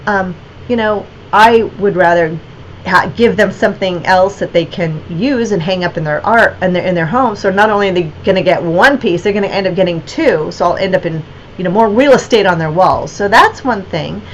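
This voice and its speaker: A woman's voice: on the low side, moderate pace, rough recording. Brief: woman gallery owner, casual livestream chat, rambling and unscripted, slight noise behind. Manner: rambling, many fillers and restarts.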